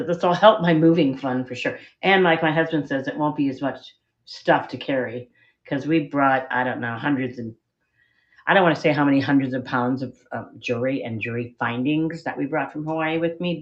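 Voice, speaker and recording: Speaking a little fast in a very deep voice, this middle-aged online seller shows off vintage jewelry one piece at a time on a live stream from her home's spare bedroom. Her auction chat is casual, rambling and self-deprecating, and the recording is muffled.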